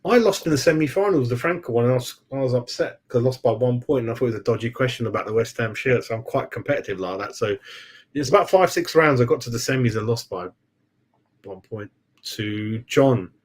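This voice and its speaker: A rambling man, mid-pitched, talks casually on a live stream. He chats loosely with his viewers, laughs easily and keeps calling them mate. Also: expressive, brisk. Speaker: football fan channel host.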